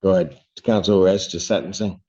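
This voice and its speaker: A man's voice: low-pitched, steady tone, brisk, warm tone. A man presiding as a judge in a courtroom hearing, talking bluntly and with a teasing, conversational manner. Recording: dull lo-fi courtroom audio.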